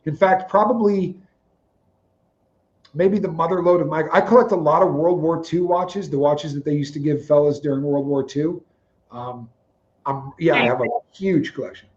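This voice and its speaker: Lo-fi sound carries a fairly high male voice at a moderate pace, as a livestream co-host casually recounts stories and animatedly voices the characters' quoted lines.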